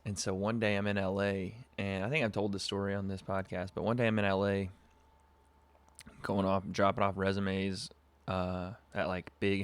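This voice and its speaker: Brief: young male podcast host from SoCal, deep monotone, relaxed rambling storyteller, webcam audio. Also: clear, resonant tone. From Southern California. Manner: laid-back, rambling with frequent fillers and laughs. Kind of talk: casual livestream storytelling.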